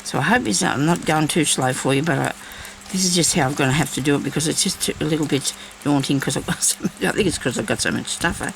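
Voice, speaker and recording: Gravelly chatty woman crafting aloud. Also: sits low, quick pace, hardly any pauses, a little hiss or hum, poor audio. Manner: chatty, thinks aloud and talks to herself. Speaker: crafting vlogger. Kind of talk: casual crafting commentary.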